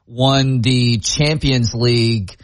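A man hosting a podcast, reading a sponsor ad smoothly and then asking his guest questions. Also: medium pitch, steady tone, takes it slowly. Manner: smooth, scripted ad delivery then conversational questions. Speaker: podcast host. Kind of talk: interview with ad read.

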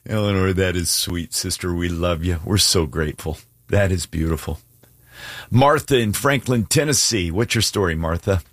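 A man hosting a call-in radio show, warmly affirming callers and introducing the next one. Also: low-pitched, moderate pace, no echo. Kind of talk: casual radio chat with callers.

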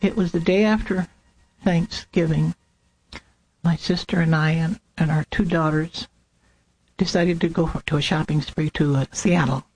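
A woman's voice: low-pitched, fairly even intonation, measured pace, a little mellow, husky, low-quality recording. An older woman being interviewed, telling a personal memory in a plain, earnest way. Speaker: interviewed mother of a fallen soldier. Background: faint music.

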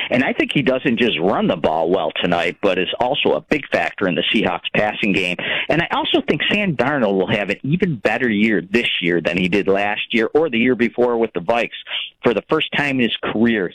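A man's voice: on the low side, a bit bright, no room sound, rough recording. A man calling into a sports radio show, delivering a confident, rehearsed take on a team. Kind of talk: phoned-in sports opinion.

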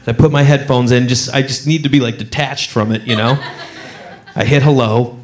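A man's voice: medium pitch, fairly even intonation, a little fast. A man doing stand-up on a club stage, telling a rambling self-mocking story full of "you know" fillers. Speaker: stand-up comedian.

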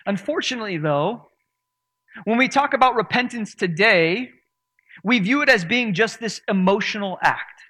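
A man's voice: high-pitched, expressive, moderate pace, sharp tone. A man preaching a sermon to his church in an earnest, emphatic way. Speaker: pastor.

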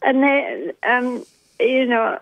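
A woman's voice: fairly high pitch, lively intonation, slow, creaky. An older woman calling in to a talkback radio show, thoughtful and hesitant, with frequent ums. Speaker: caller. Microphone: phone line. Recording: dull phone-line sound.

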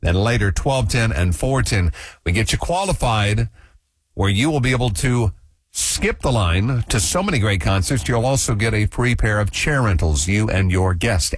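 A man's voice: on the low side, no echo. A man hosting a morning radio show with chatty, jokey banter. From Indiana.

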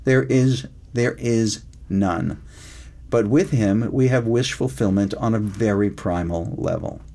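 A man's voice: on the low side, slow pace, vocal fry, warm tone. An older man, a screenwriter guest in a casual interview, talking reflectively and drawing out words for emphasis.

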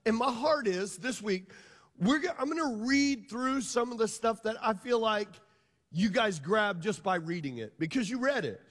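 A man's voice: sits high, animated, normal speed, a bit bright, big-room sound. A pastor preaching a sermon to his congregation, emphatic and drawing them into call and response. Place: church hall.

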